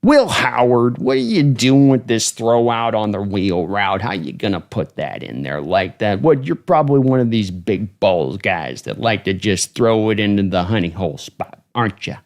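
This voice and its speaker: A man doing an impression of a gruff football coach who needles young players with barking, teasing questions, his voice pitched up and louder than his own. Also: lively intonation, normal speed, few pauses. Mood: needling.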